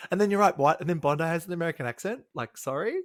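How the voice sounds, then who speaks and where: A man's voice: a little high, racing, dry recording. A man co-hosting a podcast, recapping a reality show in a chatty, catty way and laughing often. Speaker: podcast co-host. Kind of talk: casual chat.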